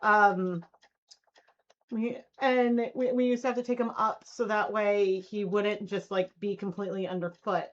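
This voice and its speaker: A woman's voice: mid-range voice, steady tone, measured pace. Chatty woman, lo-fi stream. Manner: chatty, giggly, cooing baby talk to her dog. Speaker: fiber arts channel host. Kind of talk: casual live-stream chat while spinning yarn. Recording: lo-fi live-stream audio.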